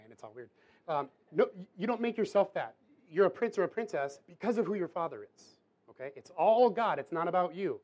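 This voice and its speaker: A man preaching a sermon to a room, in a casual, chatty way with quick asides. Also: fairly high pitch, a little mellow. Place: church hall with audience.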